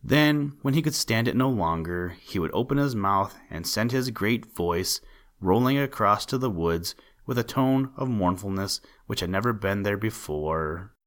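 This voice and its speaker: A man narrating a children's animal story in a measured, gently emphatic storytelling manner. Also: fairly low pitch, animated.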